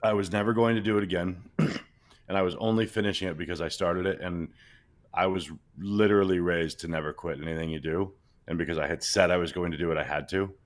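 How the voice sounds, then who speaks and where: A man's voice: low-pitched, steady tone, fast talker. A man co-hosting a podcast who chats casually and speaks plainly and matter-of-factly. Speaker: podcast co-host. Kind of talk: casual chat.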